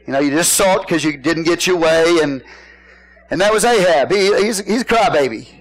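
A man's voice: on the high side, normal speed, poor audio. A man preaching a sermon in church, folksy and joking, often asking the congregation questions. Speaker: pastor.

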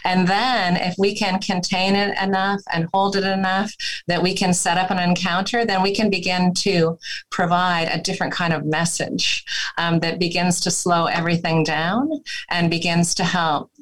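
A woman couples therapist, a guest in an interview, explaining her technique and acting out gentle therapist phrasing in her own voice. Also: on the low side, little pitch movement, moderate pace, rough recording.

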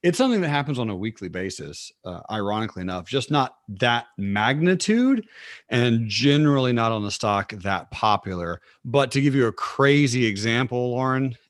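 A man's voice: mid-range voice, very animated, moderate pace, dry recording, clean studio sound. A man who trades stocks, speaking as a podcast guest and patiently explaining things in a friendly way, with easy laughs. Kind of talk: explanatory interview talk.

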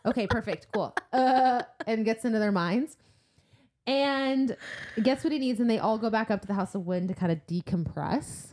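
A woman co-hosting a casual book podcast, animatedly retelling the plot, swearing now and then and slipping into quick character voices. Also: fairly high pitch, darkish tone. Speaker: podcast co-host. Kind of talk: casual book-club chat.

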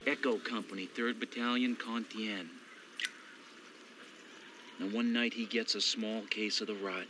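An actor playing a hardened male soldier who tells a grim war story in a low, measured way, from a television horror episode. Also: fairly even intonation, sharp tone, slight background noise, low-quality recording. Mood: grim, sardonic.

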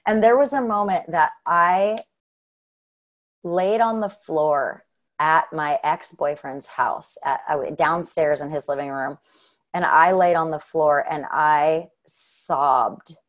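A woman's voice: low-pitched, slow. A woman from Southern Utah telling a heartfelt personal story in a casual, earnest way, with lots of fillers and "right?" tags. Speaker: guest.

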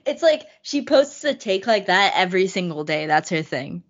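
A woman's voice: mid-range voice, very animated, normal speed. A woman co-hosting a podcast in casual comedic chat, gossipy, retelling social media posts. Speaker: podcast co-host. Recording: dull lo-fi podcast audio.

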